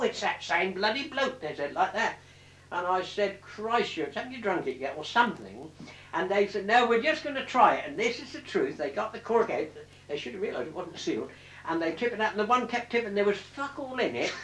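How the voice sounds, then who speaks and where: A man's voice: a little high, a bit bright. Old veteran man, rambling and swearing. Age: older. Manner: rambling, swears freely, self-correcting. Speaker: war veteran recounting memories. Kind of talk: oral history storytelling. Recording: roomy sound from a distant mic.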